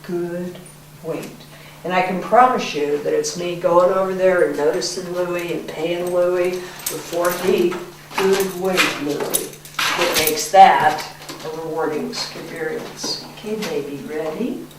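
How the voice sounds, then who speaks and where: A woman dog trainer explains her method in a slow, unhurried voice. She moves between clipped command words and soft, warm praise. The recording is distant and very echoey, with loud background noise. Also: on the low side, steady tone.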